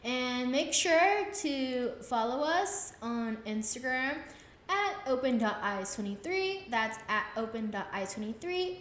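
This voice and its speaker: A woman's voice: high-pitched, echoey room, slight background noise. A woman in her twenties from Texas, hosting a podcast and telling a casual travel story, acting out her own reactions as she goes. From Texas, USA. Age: 20s. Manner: chatty, acts out her own reactions with "I was like". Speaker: podcast host.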